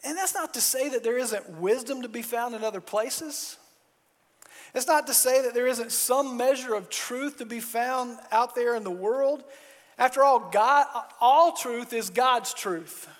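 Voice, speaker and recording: High-voiced man preaching in a reverberant hall. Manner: animated preaching with mock dialogue and rising emphasis. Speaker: pastor. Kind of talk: sermon.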